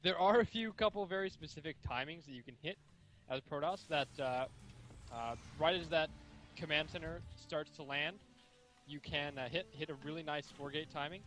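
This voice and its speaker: A man's voice: a little high, normal speed, a bit bright, faint music behind. A man co-casting a live strategy game tournament, chatty and explaining strategy. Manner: chatty, explains builds, rambling. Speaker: esports co-caster. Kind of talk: casual live game commentary.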